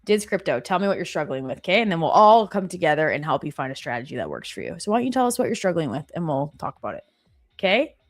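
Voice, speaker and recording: A woman with a lowish voice hosts a live stream from her office. She talks in a casual, chatty way and reacts to viewer comments with quick exclamations. Faint music plays in the background. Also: sing-song.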